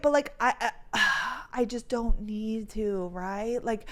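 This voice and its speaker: A woman's voice: a little high, slow pace, few pauses, a bit bright. A woman, hosting a podcast in heated, chatty storytelling full of "like". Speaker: podcast host. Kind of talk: casual chat.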